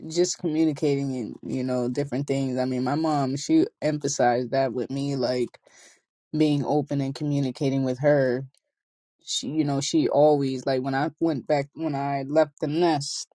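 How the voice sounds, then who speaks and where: A woman's voice: extremely low pitch, flat delivery, normal speed, warm tone, no room sound. A young adult woman vlogging, telling casual stories in a chatty, slangy way and laughing often. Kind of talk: casual storytelling to camera.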